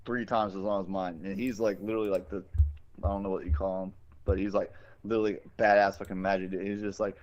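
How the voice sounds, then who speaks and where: A man's voice: low voice, fast. A man co-hosting a podcast, rambling loosely from topic to topic and swearing freely. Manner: rambling, profane and animated. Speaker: podcast co-host. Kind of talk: casual podcast chat. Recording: dull lo-fi recording.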